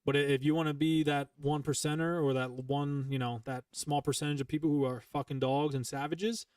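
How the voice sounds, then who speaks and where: A man's voice: a little high, fairly even intonation, brisk, a little mellow, smooth, no echo. A young man, a former Marine sergeant hosting a podcast, telling stories casually with lots of swearing and emphasis. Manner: profane, emphatic, full of fillers. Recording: dry, from some distance to the mic.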